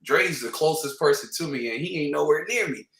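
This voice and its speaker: Man, trading livestream panelist, animated, slangy, repeats for emphasis, bright forceful voice, roomy, off-mic. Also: on the high side, fairly quick, vocal fry, recorded from a distance. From Canada. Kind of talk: casual livestream panel talk.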